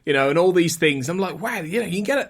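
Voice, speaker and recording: A man hosting a podcast, talking in a chatty, animated way with frequent restarts. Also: high voice, fast. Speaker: podcast host. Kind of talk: casual chat.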